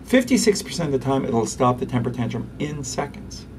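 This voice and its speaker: Animated male pediatrician interviewed. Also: medium pitch, brisk, distant mic, slight background noise. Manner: animated, acts out parents and children. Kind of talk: interview, explaining parenting techniques.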